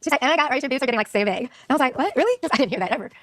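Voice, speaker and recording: A woman in casual conversation, telling her own story quickly and animatedly. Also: high voice, lively intonation, no echo, studio quality.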